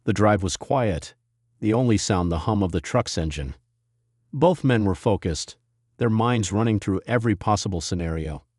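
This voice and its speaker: A man narrating a scripted drama story in an even, measured way. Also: on the low side, breathy edge, no room sound, studio quality.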